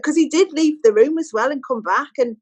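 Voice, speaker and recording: A woman, a podcast guest telling a story in casual chat and quoting people in lively voices. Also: high-pitched, brisk, dry recording, low-quality recording.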